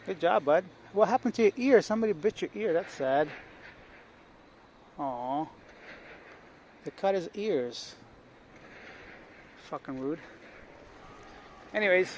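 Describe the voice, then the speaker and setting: A young man with a slightly high voice talks loosely to his viewers and the stray dogs around him while filming a walk through old streets. Street noise and passing traffic stay clearly audible behind his voice. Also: expressive, slow, pauses often, darkish tone. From Canada. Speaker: travel vlogger. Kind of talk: casual walking vlog. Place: outdoors on old city streets. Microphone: handheld camera while walking.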